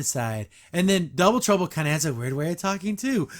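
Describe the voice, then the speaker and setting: Guy hosting a show review podcast, kinda high voice, sarcastic and fed up. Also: very animated, normal speed. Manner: blunt, sarcastic, exasperated. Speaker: podcast host. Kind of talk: casual episode review commentary.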